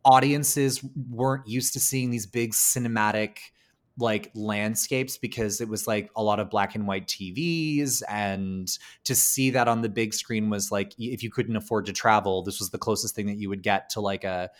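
A man's voice: fairly low pitch, fairly even intonation, normal speed. A man co-hosting a podcast, chatting casually about films, with lots of "like" and "um" and the odd swear word. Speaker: podcast co-host. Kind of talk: casual film discussion.

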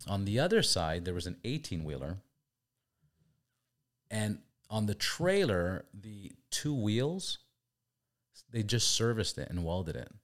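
A man's voice: on the low side, very animated, slow pace, pauses often. A man hosting a casual chat, telling stories animatedly with swearing and acted-out quotes. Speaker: podcast host.

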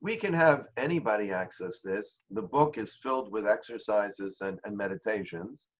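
A man guest in an interview, telling a story in an earnest way and slowing down on key phrases. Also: lowish voice, lively intonation. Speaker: interview guest, charity founder. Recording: dull lo-fi sound.

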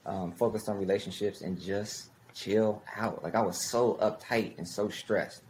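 A man's voice: on the low side, fairly even intonation, measured pace, darkish tone, a little hiss or hum. A man talking as a podcast guest, in emphatic short phrases and laughing easily. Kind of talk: casual interview talk.

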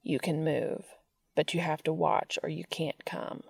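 A woman reading aloud, voicing a dominant young man who is tender and teasing, and speaking low and coaxing. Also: steady tone, a little slow, gravelly, a little mellow, slightly rough, no room sound, exaggerated voice.

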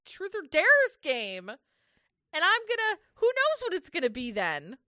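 Bright-voiced ranting woman podcaster. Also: very high-pitched, huge pitch swings, measured pace, dry recording, studio quality. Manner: ranting, swears a lot, laughs often. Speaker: podcast co-host. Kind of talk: casual recap chat.

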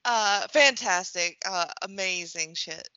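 Bright-voiced woman chatting casually. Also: medium pitch, slow, clean tone, no room sound, dull audio. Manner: chatty, with fillers like "um" and "like". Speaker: podcast co-host. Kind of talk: casual chat.

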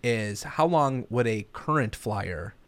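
A man's voice: medium pitch, expressive, slow pace, a bit bright. A young man co-hosting a podcast, chatting casually with crude, joking humor. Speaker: podcast co-host. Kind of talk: casual chat.

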